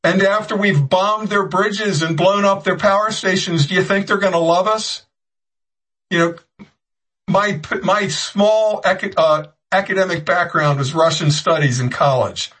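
Slightly high and husky, this man's voice carries heated political commentary delivered at an unhurried pace with a somewhat bright tone. He rambles, frequently restarts his sentences and slips in sarcastic digs, all on a low-quality recording.

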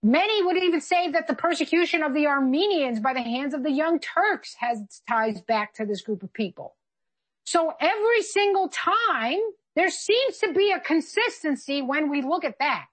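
A woman's voice: sits high, animated, normal speed, a bit bright. A woman co-hosting a political commentary chat, talking in an emphatic, argumentative way. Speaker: co-host.

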